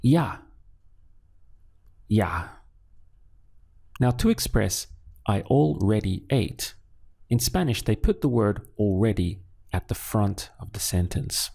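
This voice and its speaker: A man with a lowish, gravelly, mellow voice teaches a language lesson, expressive and slow, with long pauses. He patiently asks how a phrase is said, then supplies the answer himself.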